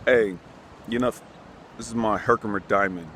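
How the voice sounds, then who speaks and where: Brief: earnest male storyteller, slightly low voice, faint outdoor wind. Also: moderate pace, a bit bright. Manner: earnest, emphatic, gets worked up as he tells it. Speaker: channel host. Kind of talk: casual personal storytelling. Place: outdoors on a breezy day. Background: wind and outdoor ambience.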